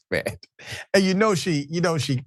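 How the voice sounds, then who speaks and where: A man's voice: fairly high pitch, lively intonation, slow, no room sound, clean studio sound. A man hosting a live show, reading viewer comments and giving pointed, conversational commentary. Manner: pointed, conversational, addresses people directly.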